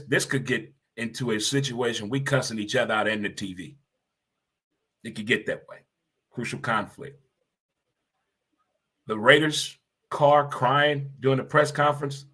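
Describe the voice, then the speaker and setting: Man, talk show host, casual sports chat, emphatic, lively, mid pitch. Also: moderate pace, long pauses, husky. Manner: animated, emphatic, repeats lines for effect.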